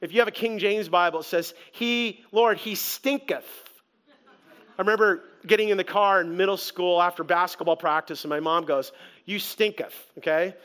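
Animated high-voiced man preaching. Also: fast, few pauses, smooth. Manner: animated, conversational preaching with humor. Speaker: pastor. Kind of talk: sermon.

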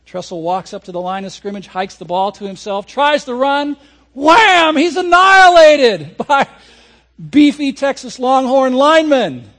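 A man preaching a sermon as a pastor, telling a lively story and acting out people's reactions. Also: very high voice, measured pace. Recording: audio recording of a sermon.

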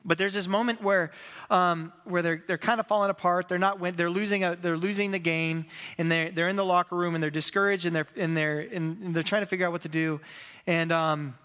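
Male pastor, sermon delivery, bright and forceful tone, animated storyteller acting out quotes, playful self-deprecating asides, live hall reverb. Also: sits high, brisk, clear, resonant tone.

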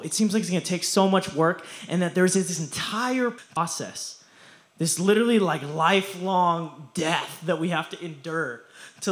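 A young man preaching a casual youth sermon, slangy and playful, often laughing as he talks. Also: high-pitched.

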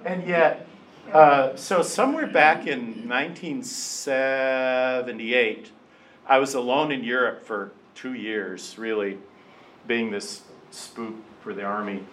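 An older man teaching a Bible class in a lively storytelling way, acting out voices in his quotes. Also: medium pitch, poor audio.

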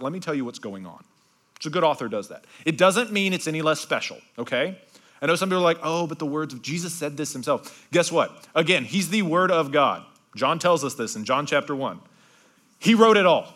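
A man preaches in a bright, forceful voice that sits a little high for a man. He keeps the sermon conversational, checking in with his listeners, then drops to slow, hushed passages to drive his points home. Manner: swings between bright emphasis and hushed, slowed-down passages; conversational, with repeated asides like "okay?". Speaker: pastor.

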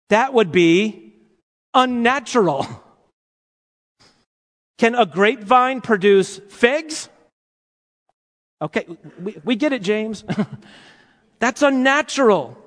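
A man preaching a sermon to his congregation in an animated, playful way, asking them rhetorical questions. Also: very high-pitched. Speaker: pastor. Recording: long hall reverb.

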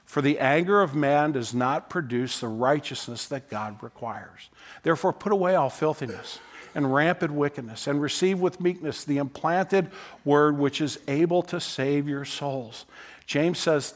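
A man's voice: high voice, normal speed. A man preaching a sermon, talking to his congregation in a conversational way, often asking "right?" and repeating words as he goes. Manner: repeats words while he speaks. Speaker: pastor.

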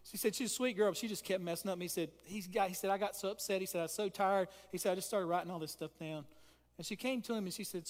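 A man's voice: high voice, quick pace, in a large hall. A man preaching a sermon as pastor, reading scripture and asking the congregation questions. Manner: impassioned preaching, reads scripture aloud, asks the congregation questions.

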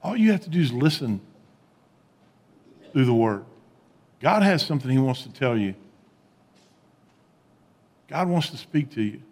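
A man preaching a sermon as pastor, animated, with rising emphatic peaks and quiet low asides. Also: measured pace, pauses often, big-room sound.

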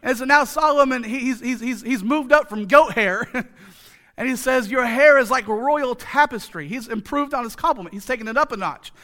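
A man's voice: very high voice, a little fast, pushed and bright. A male pastor preaching a sermon in a chatty, joking way, repeating phrases for emphasis and tossing rhetorical questions to the congregation. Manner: conversational, joking, with many rhetorical asides.

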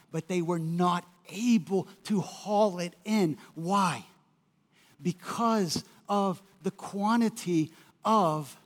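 Male pastor, high voice, lively storytelling sermon, big hall echo. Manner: animated storytelling, acting out quotes, conversational asides. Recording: long hall reverb.

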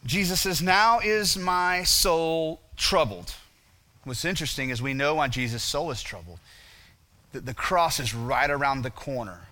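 An animated male pastor preaches a sermon at normal speed. He poses rhetorical questions and drops to a quiet, low voice for emphasis.

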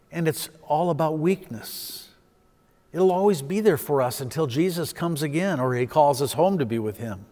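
Male pastor, storytelling sermon, slightly high voice, long hall reverb. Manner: storytelling preacher, swelling with emphasis then dropping soft.

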